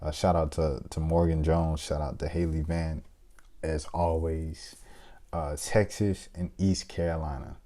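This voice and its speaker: A young man with a low, mellow voice chats casually as he fills out a basketball bracket. He thinks out loud, full of hesitant fillers and playful shout-outs. His delivery stays relaxed and conversational. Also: a little slow. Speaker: sports video host. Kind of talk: casual bracket-picking chat.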